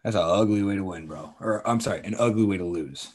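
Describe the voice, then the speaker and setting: Lower-pitched man ribbing his co-host. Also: fast. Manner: animated, profane, teasing, voice jumps up when excited. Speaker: podcast co-host. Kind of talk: casual sports chat.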